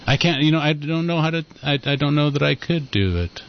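Male talk radio host, easygoing, playful, slightly high voice, dull lo-fi sound. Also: animated, fairly quick. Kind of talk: casual talk radio banter.

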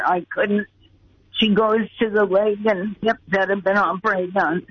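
A woman's voice: mid-range voice, steady tone, unhurried, breathy edge. An older woman, a guest, earnestly telling a personal story, heard over a muffled phone line.

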